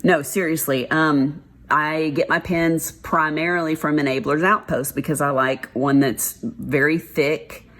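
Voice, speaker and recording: A woman's voice: low voice, fairly even intonation, unhurried, few pauses, a bit bright. A woman with a Texas accent, chatting casually and frankly while she does a craft, with plenty of y'alls and mild swearing. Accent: Texan. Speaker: craft vlogger. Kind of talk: casual chat while diamond painting.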